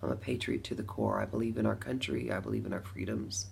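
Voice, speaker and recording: A middle-aged woman from Las Vegas telling a personal story to camera, animated, with bursts of laughter between lines. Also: very deep voice, fast, vocal fry, a little hiss or hum. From Las Vegas, USA. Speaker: vlogger.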